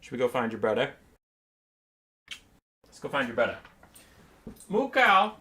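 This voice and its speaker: A man's voice: mid-range voice, fairly even intonation, normal speed, fairly bright tone. A man streaming a strategy game live, chatting casually and playfully and slipping into baby talk with his pets.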